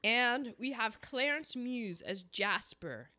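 A woman chatting on a podcast with a sore throat. Her pitch swings widely as she talks, jumping up high when she gets excited. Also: slow. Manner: animated, rising to high exclamations. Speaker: podcast co-host. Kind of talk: casual chat about old movies.

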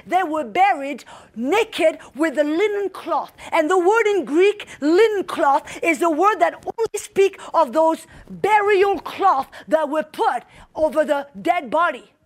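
Woman preacher, super high voice, fired up, keeps saying amen and building to shouts. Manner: fervent, builds to shouting exclamations; frequent "amen" and call-and-response. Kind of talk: sermon.

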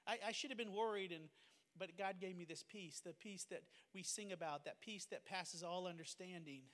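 A man's voice: sits high, moderate pace, fairly bright tone, in a large hall. A man, a pastor and missionary, earnestly telling a personal testimony in a fervent, emotional way. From United States.

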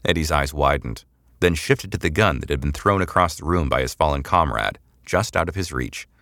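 A male narrator reading a sci-fi serial aloud with an extremely low, deep voice. His delivery is measured and descriptive. The recording is dry, with no room sound. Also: a bit bright, no echo. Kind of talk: scripted audiobook narration.

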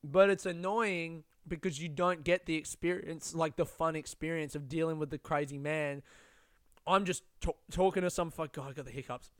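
A man's voice: fairly high pitch, normal speed, no room sound, clean studio sound. Swearing man ranting on a podcast. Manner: profane, ranting, rambling with restarts. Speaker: podcast host. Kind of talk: casual solo podcast rant.

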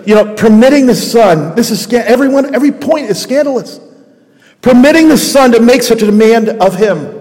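A man with a raspy New Jersey accent, preaching a sermon as pastor with impassioned delivery and repeated phrases for emphasis. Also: very high voice, animated, fairly quick, darkish tone, big-room sound.

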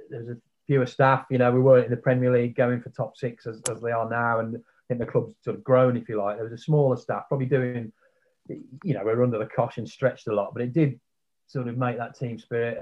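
A man's voice: mid-range voice, steady tone, fast talker, highs cut off. A man guesting on a podcast, reminiscing in casual chat and often tagging on questions like "wasn't he?". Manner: reminiscing, leaning on tag questions.

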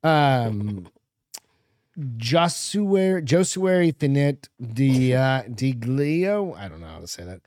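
Male co-host, mid-pitched, loose jokey delivery, dry close mic. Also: very animated, slow, a little mellow, no echo. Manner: rambling, jokey, reads news aloud and stumbles over names. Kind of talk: casual chat.

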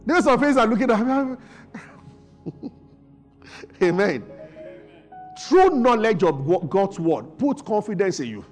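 A man's voice: high-pitched, very animated, takes it slowly, long pauses, faint music behind. A man preaching a sermon as pastor, asking the congregation questions and answering them himself.

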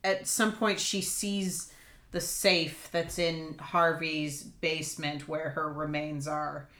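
Woman podcast host, low voice, unhurried, musing delivery, casual film discussion. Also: flat delivery, fairly bright tone. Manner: slow, thoughtful, with many fillers.

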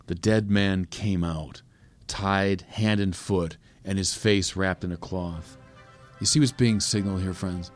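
A man preaching a sermon, swinging from quiet reflection to loud emphatic peaks. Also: sits low, a little slow, faint music behind. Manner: reflective, with small restarts and hesitations. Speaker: priest preaching.

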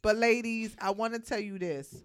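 A young woman co-hosting a radio show jokes and laughs in casual banter on a studio microphone. Her voice is a little high, clear and resonant, at a moderate pace.

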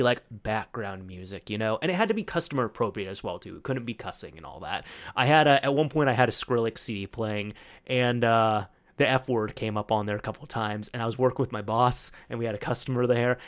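A young man hosting a solo podcast, telling rambling stories in a chatty way, full of fillers. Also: mid-range voice. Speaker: podcast host. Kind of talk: solo casual storytelling.

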